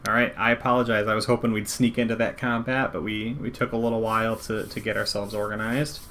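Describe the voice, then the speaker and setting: A man running a tabletop game as game master, narrating in a relaxed, rambling way. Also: fairly low pitch, quick pace, slight background noise. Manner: relaxed, rambling wrap-up with fillers.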